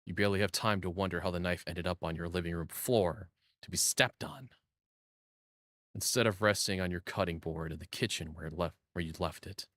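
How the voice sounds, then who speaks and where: A man live-streaming a game reads its second-person story text aloud, breaking off to swear and joke with his chat. His low-pitched voice is brisk and fairly bright, captured at studio quality with no echo on a boom-arm condenser mic, with game music playing underneath.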